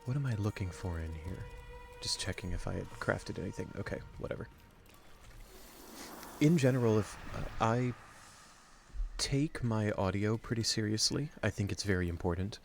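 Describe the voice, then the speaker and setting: A tired man streaming a game, chatting casually in a dry, low-energy way. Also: lively intonation, normal speed, vocal fry, faint music behind.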